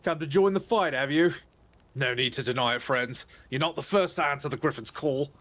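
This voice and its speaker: A man's voice: medium pitch, brisk, a bit bright, close to an everyday voice. A man reading aloud the lines of a wry male rebel veteran in a video game, in a casual read-aloud manner. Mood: knowing.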